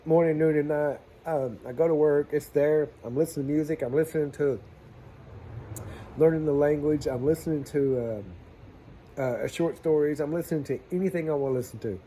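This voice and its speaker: A man's voice: a little high, brisk, warm tone, slight background noise. A man, a plumber telling stories in a folksy, chatty way and acting out the dialogue. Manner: folksy, chatty, southern-style slang, acts out dialogue. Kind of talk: casual storytelling vlog.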